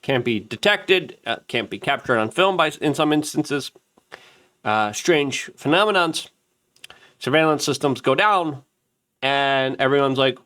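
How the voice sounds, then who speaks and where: A man hosting an online news show, giving an opinion commentary straight to camera. He rants emphatically and repeats himself rapidly, and he mimics other people in raised, mocking voices. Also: medium pitch. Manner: excitable, emphatic ranting with rapid repetition. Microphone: camera-mounted.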